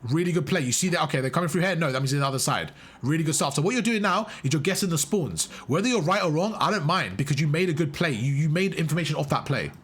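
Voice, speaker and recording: A young man coaching a player through a live match, talking at a rapid clip in a husky, slightly raised voice. He praises good plays emphatically and repeats his instructions until they land. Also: fairly high pitch, animated, fairly bright tone. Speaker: game coach. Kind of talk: live gameplay coaching commentary.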